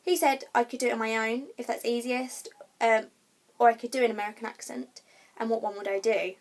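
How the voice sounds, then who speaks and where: Chatty young woman with a higher voice. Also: fairly even intonation, a little fast. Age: young adult. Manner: chatty, frequent ums and restarts. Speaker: vlogger. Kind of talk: casual storytelling vlog.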